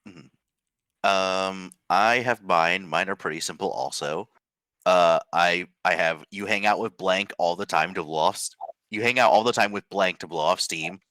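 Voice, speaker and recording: A man's voice: low voice, normal speed, sharp tone, no room sound. A man player in a tabletop game, chatting casually and laughing often as he retells moments. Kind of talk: casual chat about his character.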